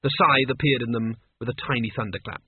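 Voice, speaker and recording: Guy narrating audiobook, husky, dry, sounds like a phone line. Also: mid-range voice, fairly quick, no echo. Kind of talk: scripted narration.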